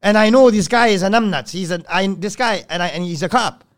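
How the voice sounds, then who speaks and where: A man, a podcast guest, telling a story in casual, blunt and profane talk that swings between loud and hushed. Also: high voice, brisk.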